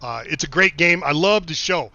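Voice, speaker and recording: A middle-aged man from the United States chatting casually on a game live stream, his voice bright and a touch high. He drifts through rambling stories full of swearing and answers viewers as they come in. The sound is dry and a little dull, like a basic stream mic. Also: expressive, normal speed, creaky, no room sound. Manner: rambling anecdotes, frequent swearing and laughing asides. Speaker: game streamer reading chat.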